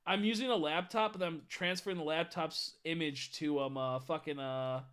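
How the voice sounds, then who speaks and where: A tired male streamer talks loosely at his computer, rambling between thoughts and swearing casually. His voice sits a little high for a man and sounds bright and forward. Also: moderate pace, smooth. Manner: rambling, swearing, stumbles over chat names. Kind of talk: casual live-stream chat.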